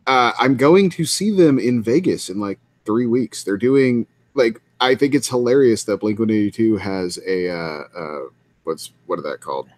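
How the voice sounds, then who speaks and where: A man's voice: lowish voice, moderate pace, a little mellow, no echo. A man co-hosting a casual podcast chat, rambling and joking, with stammered restarts. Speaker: podcast co-host.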